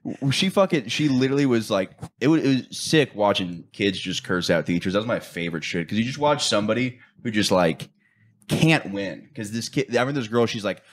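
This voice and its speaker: A man's voice: fairly low pitch, expressive, a little fast. A young man co-hosting a casual podcast chat, swearing freely and telling school stories while mimicking the people in them. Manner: profane, storytelling, mimics people in quotes. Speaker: podcast co-host.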